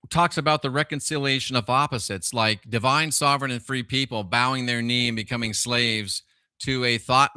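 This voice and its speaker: Hosting a live stream, this middle-aged man speaks in a very bright, sharp, clear and resonant mid-range voice. He greets viewers by name and keeps throwing out rhetorical questions, and the sound is dry and close without room echo.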